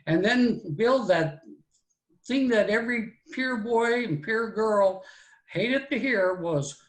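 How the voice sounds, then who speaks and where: A man's voice: high voice, lively intonation, slow, reverberant, low-quality recording. A man, telling a childhood story in a folksy, rambling way. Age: 60s. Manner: folksy and rambling, with "so anyway" and "right?". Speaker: guest storyteller. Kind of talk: live oral storytelling.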